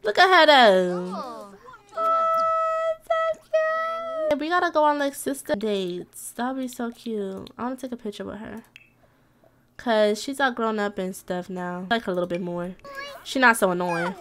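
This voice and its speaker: A young woman giving casual, chatty let's-play commentary, talking straight to her viewers with excited squeals. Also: mid-range voice, normal speed, a little hiss or hum. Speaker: gaming YouTuber.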